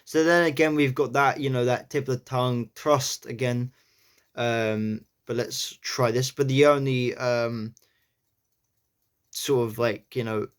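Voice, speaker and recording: Rambling man explaining accent practice. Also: medium pitch. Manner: rambling, many fillers, trails off quietly. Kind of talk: casual how-to talk to camera.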